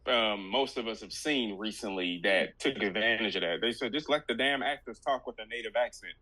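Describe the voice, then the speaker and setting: A relaxed man in a podcast chat with a bright, clear-edged voice at middle pitch. He laughs easily and often drops into joking impressions. The recording is dry and close. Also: brisk, no echo, rough recording. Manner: easygoing, laughs often, does mock impressions. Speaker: podcast co-host. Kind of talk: casual movie-review chat.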